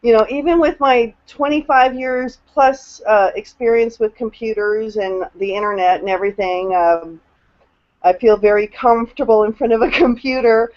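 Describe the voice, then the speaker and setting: Sharing her story as a team newcomer, a woman rambles emotionally in a casual video-call testimonial, restarting sentences and using many fillers. She speaks at a moderate pace in a highish voice, and the recording has its highs cut off.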